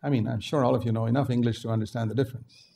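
Emphatic older preacher from India, mellow voice. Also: male voice, steady tone, racing, creaky. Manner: emphatic, swings from low asides to loud exhortation. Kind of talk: sermon.

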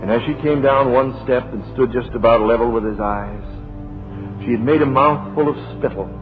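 A man preaching a sermon, telling a story dramatically and dropping to a hush at key moments. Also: medium pitch. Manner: dramatic, slows and drops to a hush. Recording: dull lo-fi recording with music.

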